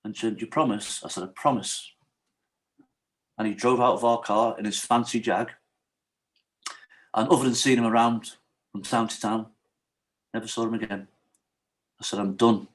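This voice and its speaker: A man's voice: on the low side, normal speed, long pauses, low-quality recording. A middle-aged man, a podcast guest telling his life story candidly and vividly, acting out what others said and often checking in with "right?". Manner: animated storyteller, acts out quotes, often asks "right?".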